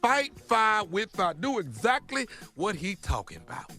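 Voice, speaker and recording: A middle-aged man with a drawl, co-hosting morning radio. He talks in a bright, slightly raised voice and plays out over-the-top little scenes for laughs, with faint music underneath. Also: high voice, unhurried. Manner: animated, acts out exaggerated scenarios. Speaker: radio show co-host. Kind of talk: comedic advice on a morning radio show.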